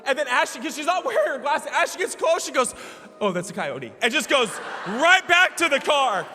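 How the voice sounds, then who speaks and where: A man preaching a sermon as pastor, telling a lively story with laughter and playful imitations. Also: extremely high pitch, a little fast. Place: church sanctuary. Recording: church hall reverb.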